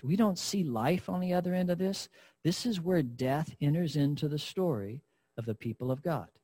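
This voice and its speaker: A man's voice: fairly high pitch, lively intonation, normal speed, warm tone, slightly rough. A man preaching a sermon in an earnest, emphatic way, addressing his listeners directly.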